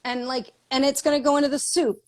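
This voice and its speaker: A woman speaking over a video call, her voice pitched a little high. She talks in an effusive, tumbling way, full of enthusiasm and quick laughter. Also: flat delivery. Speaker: guest author.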